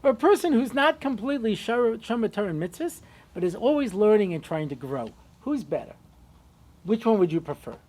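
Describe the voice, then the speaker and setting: A man's voice: high-pitched, brisk. A man who is a rabbi, giving a humorous lecture and telling stories with acted-out dialogue. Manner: animated joking storyteller who acts out dialogue.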